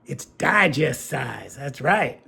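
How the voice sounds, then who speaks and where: A man's voice: medium pitch, sing-song, slow, vocal fry, sharp tone, breathy edge. A middle-aged man hosting a casual unboxing chat, folksy and enthusiastic, often repeating his favorite phrases. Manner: enthusiastic and folksy, repeats "very cool" and "that's right". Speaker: comic book collector and video host.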